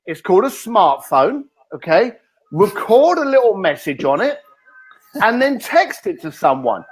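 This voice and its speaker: A man, a guest author in an interview, telling energetic stories and acting out the lines he quotes. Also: sits high, unhurried, breathy edge. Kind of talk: animated interview talk.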